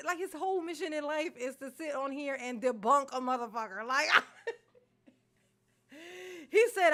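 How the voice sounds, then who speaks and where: A woman's voice: high voice, animated, unhurried, pauses often, fairly bright tone. A woman from Maryland hosting a reaction video, ranting animatedly with swearing and laughter. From Maryland, USA. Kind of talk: casual reaction commentary.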